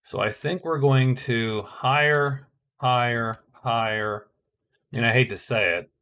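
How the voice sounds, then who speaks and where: A man's voice: medium pitch, slow, pushed and bright. Man thinking aloud through a board game. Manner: thinking aloud, hesitant with many restarts. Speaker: board game player narrating his turns. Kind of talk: casual solo game commentary.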